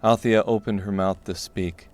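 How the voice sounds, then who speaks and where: A man narrating a dark fantasy audiobook in a steady, measured way. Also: on the low side, soft background music.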